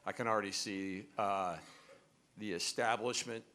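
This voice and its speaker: A man's voice: fairly low pitch, steady tone, unhurried, bright, forceful tone. A man running a press conference and calling on reporters. He speaks in an upbeat, emphatic way. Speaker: campaign manager hosting a press conference.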